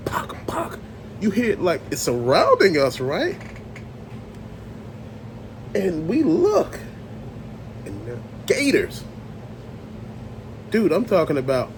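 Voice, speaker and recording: Animated man telling a creepy tale. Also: on the high side, background noise. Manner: animated, profane, acts out voices and sounds. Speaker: storyteller host. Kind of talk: casual spoken storytelling.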